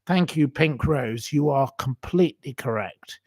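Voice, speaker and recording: A man hosting a live stream answers viewer comments in a husky, mid-range voice that is a little slow and a little mellow. His emotional, indignant rant keeps circling back and repeating itself.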